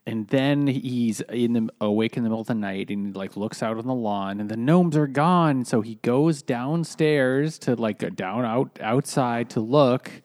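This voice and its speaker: A man's voice: mid-range voice, measured pace, few pauses, darkish tone, no room sound, clean studio sound. A man co-hosting a casual podcast chat, retelling a story hesitantly with lots of fillers. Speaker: podcast co-host. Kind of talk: casual chat recapping a book.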